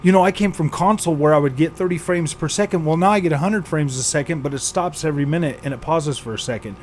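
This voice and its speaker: A man's voice: fairly high pitch, quick pace, a little hiss or hum. A man hosting a gaming channel, venting with exasperation, sighing and repeating himself as he rants. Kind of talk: frustrated venting vlog.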